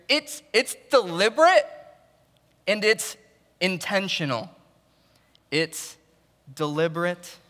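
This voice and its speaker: Man, preacher, forceful bright voice, slightly high, conversational sermon, long hall reverb. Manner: conversational preaching, repeats words, swings from loud emphasis to quiet. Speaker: pastor.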